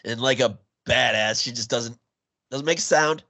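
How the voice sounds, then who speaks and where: A man's voice: medium pitch, pushed and bright, no echo. A man co-hosting a movie podcast, retelling a film's plot in casual chat and laughing often. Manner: laughs often, quick asides. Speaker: podcast co-host.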